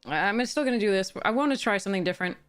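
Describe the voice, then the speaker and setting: A young woman chats with her stream audience while she drafts cards, thinking out loud and greeting viewers. Her voice sounds a little tired, and soft music plays behind her. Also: mid-range voice, lively intonation, rapid-fire, clear, resonant tone. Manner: chatty, thinks aloud, greets chat warmly.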